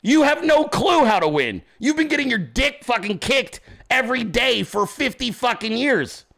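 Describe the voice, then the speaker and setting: A man's voice: extremely high pitch, very animated, normal speed, vocal fry, fairly bright tone. A man hosting his own show from a home desk, ranting in profane, combative, mocking commentary. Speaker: podcast host.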